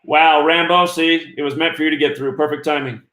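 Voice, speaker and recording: A slightly high-voiced man hosts a live call-in show, upbeat and brisk as he moves callers along. His voice rings with a roomy echo. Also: fairly even intonation, bright, forceful tone. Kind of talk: live call-in radio chat.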